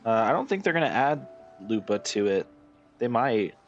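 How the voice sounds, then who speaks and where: A man streaming and chatting casually with his live chat, rambling with lots of fillers and restarts, and getting excited when amused. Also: medium pitch, normal speed, highs cut off, soft background music.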